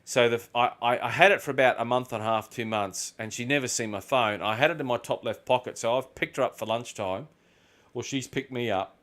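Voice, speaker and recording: An Australian man talks over his gameplay at an ordinary pitch, in a loose, meandering way. He swears often and tells animated stories. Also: fairly quick. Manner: rambling, swears freely, tells animated anecdotes. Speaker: gaming video host. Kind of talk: casual chat while gaming.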